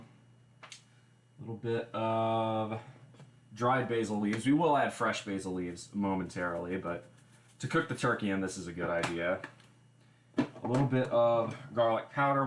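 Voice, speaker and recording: A man's voice: on the low side, echoey room, slight background noise. A man hosting a casual cooking livestream, chatty and explaining each step with wry asides, recorded in a home kitchen. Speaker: livestream host.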